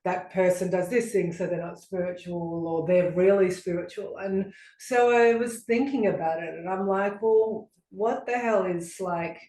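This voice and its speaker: A woman's voice: lowish voice, steady tone, unhurried, hardly any pauses, dark tone. A woman co-hosting a podcast, telling stories in casual chat with lots of fillers, sitting on a couch. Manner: chatty storyteller, rambling with many fillers. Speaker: podcast co-host. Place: living room couch. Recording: echoey room.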